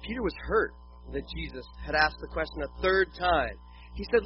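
A man's voice: on the high side, expressive, moderate pace, noisy background. A man preaching a sermon in a conversational way, with casual jokey asides. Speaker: pastor. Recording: dull lo-fi with faint music.

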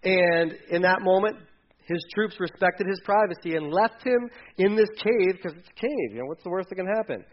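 A man's voice: sits high, lively intonation, normal speed, lo-fi sound. A man preaching a sermon in a church, retelling a story in a casual way and putting on voices for the characters. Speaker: pastor.

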